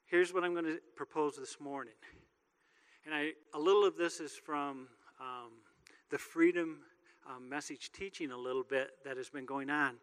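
A man's voice: on the high side, moderate pace, fairly bright tone, clear, resonant tone. A man preaching a sermon as pastor, talking in a joking, conversational way. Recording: long reverb of a large hall.

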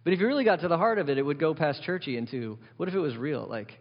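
A man's voice: on the high side, animated, fast talker, few pauses, slightly rough. A man preaching a sermon, his voice carrying a long echo through a large church hall. The sound is a little dull and muffled. He talks conversationally, tosses out rhetorical questions and hammers on repeated words. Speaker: pastor.

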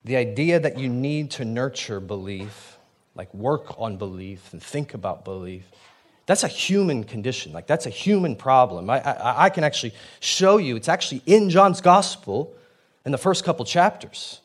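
A man preaches in a loose, conversational way, stopping to restart sentences and add asides. His voice sits at an ordinary middle pitch. He sounds animated and engaged throughout. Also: moderate pace. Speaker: pastor. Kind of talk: sermon.

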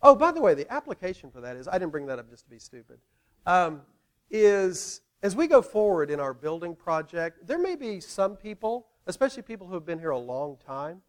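A male pastor preaching in an animated, conversational way, playfully involving the congregation. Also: sits high, brisk. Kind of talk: sermon.

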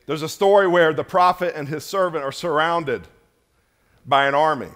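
A man preaches to his church at an ordinary pace, his sermon swinging between forceful, loud high points and quiet, low-voiced passages.

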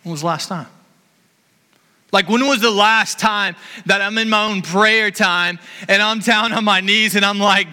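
A man in his thirties gives an impassioned sermon in a high, sharply bright voice. His earnest words carry a long reverb through a church hall. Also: fairly even intonation, measured pace, smooth. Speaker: pastor.

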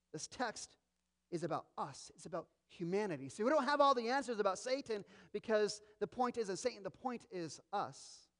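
High-voiced man preaching a sermon. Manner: expressive preaching with dramatic quoted voices. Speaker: pastor.

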